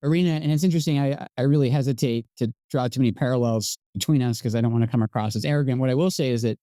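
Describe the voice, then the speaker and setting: Quick, mellow-voiced Scottish-born man as podcast host, reflective and modest, dry close sound. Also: mid-range voice, no echo. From Scotland. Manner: fast, thoughtful and self-deprecating. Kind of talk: conversational interview.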